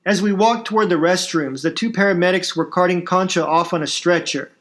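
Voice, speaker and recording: A man's voice: sits high, a little fast, a bit bright. A man reading aloud his own first-person story, narrating events and dialogue.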